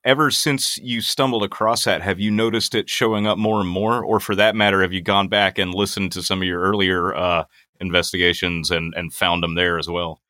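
A man's voice: low voice, steady tone, brisk, bright, forceful tone, no echo, studio quality. A man hosting an interview, asking curious follow-up questions in a casual way. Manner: curious, reacts with short interjections. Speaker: interview host.

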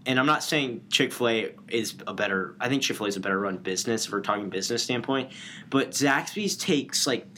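A man's voice: medium pitch, lively intonation, brisk, bright, forceful tone, slight background noise. A man co-hosting a podcast in casual chat, easygoing and agreeable, talking loosely. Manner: easygoing, agreeable, lots of fillers like "like" and "you know". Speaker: podcast co-host.

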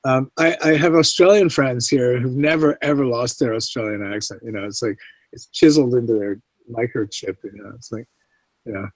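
A middle-aged Canadian man talks as a guest in a relaxed interview, his speech carrying a faint English inflection. He rambles and restarts his sentences freely, and his voice sounds dry and close, with almost no room sound. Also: medium pitch, a little fast, no echo, low-quality recording. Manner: rambling, many restarts and asides. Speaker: guest actor. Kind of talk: casual interview chat.

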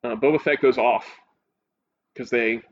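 A man with a medium-pitched voice speaks at a measured pace in relaxed casual chat, growing more excited and animated as he recounts scenes he loved from a show. His voice rises sharply when he gets carried away, and the recording is a little dull with faint hiss underneath.

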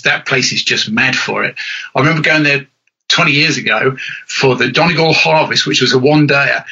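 Middle-aged male storyteller, bright husky voice, slightly dull audio; chatty, self-mocking. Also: mid-range voice. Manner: animated storyteller, self-deprecating. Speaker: rally commentator and author. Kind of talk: chatty podcast interview.

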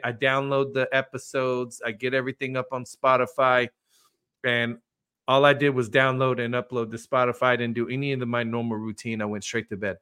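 A man's voice: medium pitch, bright, forceful tone. A man hosting a podcast, talking earnestly and personally in casual faith talk. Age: adult with children. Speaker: podcast host.

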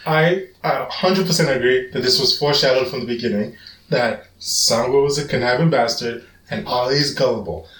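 Podcast co-host: a man of middle pitch, lively and opinionated, recorded a bit off-mic in a roomy space. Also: a little hiss or hum. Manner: animated, quick rambling opinions. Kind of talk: casual chat. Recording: roomy sound, mic at a distance.

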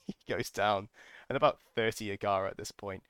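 A man's voice: on the low side, fairly even intonation, moderate pace, a bit bright, smooth, no echo. A man hosting a podcast, telling a casual, enthusiastic story full of ums and restarts. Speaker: podcast host.

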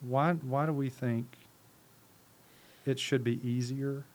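A ministry leader preaches on a podcast as a guest, impassioned but conversational, with rhetorical questions and repeated words. He speaks slowly and steadily at a medium pitch.

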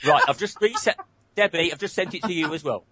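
A man's voice: a little high, animated, quick pace, bright, forceful tone, slight background noise. A man co-hosting a podcast, chatting casually and reading out listener scripts, a little flustered. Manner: chatty, flustered, puts on regional voices while reading. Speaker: podcast co-host.

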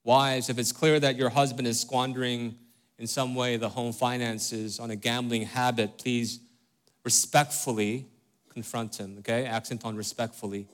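A man's voice: medium pitch, little pitch movement, moderate pace, clean tone. Middle-aged man, pastor giving a sermon; earnest, chatty, frequent tag questions, mid-range voice. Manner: conversational, many fillers and tag questions like "right?" and "okay?"; direct and earnest with the congregation.

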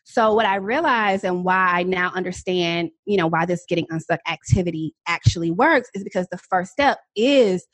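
A woman in her thirties, a podcast guest, telling a personal story in a lively, dramatic, casual way with frequent laughs. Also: lowish voice, moderate pace, few pauses, no echo. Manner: animated, self-described dramatic talker with frequent laughs.

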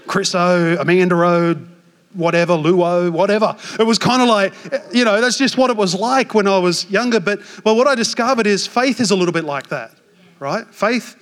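An Australian man in his forties, a pastor preaching a sermon with animated, self-mocking stories. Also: high voice. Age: 40s. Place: church hall. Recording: long hall reverb.

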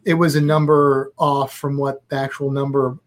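A man's voice: mid-range voice, flat delivery, moderate pace. A man co-hosting a live podcast in a chatty, joking, upbeat way. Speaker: podcast co-host. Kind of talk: casual live podcast chat.

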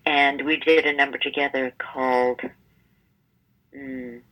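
A woman in her seventies, a stage performer interviewed as a guest, telling stories in a lively conversational way and acting out the people in them. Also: very deep voice, measured pace, poor audio. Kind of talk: conversational storytelling.

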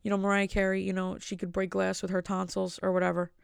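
A woman hosts her podcast from home in a loose, rambling chat and pokes fun at herself as she goes. Her voice has a gravelly, fry-tinged edge. The sound is dry and close, with no room echo. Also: medium pitch, monotone, fast. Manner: rambling, self-mocking jokes. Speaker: podcast host. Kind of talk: casual solo podcast chat. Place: at home with family asleep.

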